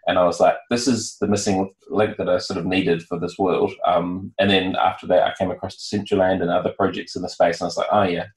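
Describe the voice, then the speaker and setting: A man with a New Zealand accent answers questions in a casual podcast interview. His voice sits very low, and he talks in a relaxed, halting way with frequent fillers. The recording has a noticeable room echo. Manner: relaxed, hesitant with many fillers. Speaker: guest, founder.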